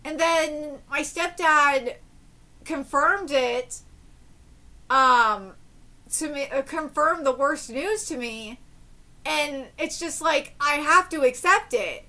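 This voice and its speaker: A woman's voice: sits high, slow, pushed and bright. A woman in her thirties streaming a live manga reaction. She talks candidly and tearfully, swearing freely.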